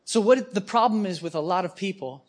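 High-voiced animated male preacher. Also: brisk. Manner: animated, storytelling, emphatic. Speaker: guest preacher. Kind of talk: storytelling sermon. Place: room with a live audience.

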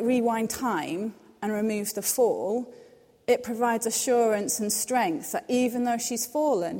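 A young woman gives a devotional talk in a mellow, soft-edged voice. She sounds earnest and reassuring and drops softer when she quotes scripture. Her voice carries a long hall reverb. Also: a little high. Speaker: devotional speaker. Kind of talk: devotional teaching.

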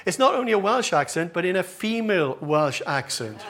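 A man's voice: high-pitched, sing-song, normal speed, a crowd in the background. A male pastor preaching a sermon to his congregation, with a humorous, self-deprecating manner. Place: church with congregation. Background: congregation laughing.

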